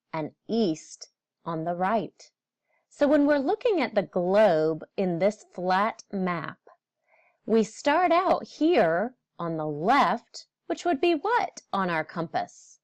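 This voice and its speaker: Slow, lively woman teaching kids. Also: medium pitch. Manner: asks the class questions and confirms answers. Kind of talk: virtual field trip lesson for children.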